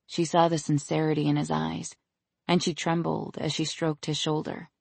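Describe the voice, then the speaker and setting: An audiobook narrator giving a measured, scripted reading of a romance novel. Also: medium pitch, little pitch movement, gravelly, a little mellow, husky, no room sound.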